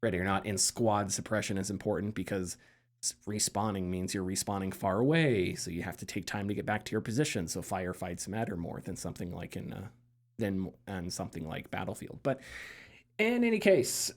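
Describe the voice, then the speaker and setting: A man's voice: on the low side, expressive, brisk. Chatty man on a gaming podcast. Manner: loose and chatty, many fillers, laughs easily, sarcastic asides. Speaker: podcast co-host. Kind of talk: casual gaming news chat.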